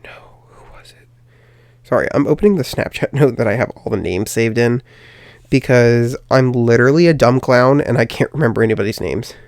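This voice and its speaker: A man's voice: mid-range voice, a little fast, gravelly, no room sound, studio quality. A young man hosting a podcast, telling a personal story in a rambling way, with many fillers and restarts. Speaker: podcast host.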